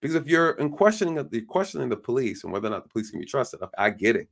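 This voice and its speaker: A man's voice: medium pitch, big pitch swings, very fast, creaky, few pauses. A man doing casual online commentary, ranting in an exasperated, irritated way to his viewers. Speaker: YouTube commentator.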